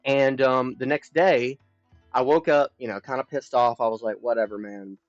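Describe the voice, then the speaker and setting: A young man livestreaming, telling a long personal story in a rambling, profane way, dropping to mumbles and rising to loud bursts. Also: medium pitch, moderate pace, dry recording, soft background music. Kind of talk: casual confessional storytelling. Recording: dull lo-fi stream audio.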